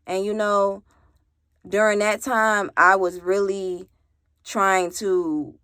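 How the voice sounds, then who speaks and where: A woman's voice: medium pitch, slow, smooth, no echo, studio quality. A young adult woman telling a personal story in casual chat, blunt and swearing, acting out the people she quotes. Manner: animated, mimics others in quoted voices.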